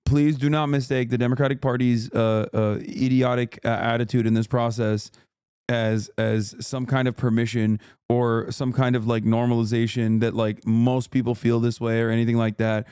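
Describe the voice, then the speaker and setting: A man's voice: mid-range voice, flat delivery, normal speed, darkish tone, clear, resonant tone, no room sound, studio quality. A man streaming live, reacting to the news in a profane, exasperated rant to his chat.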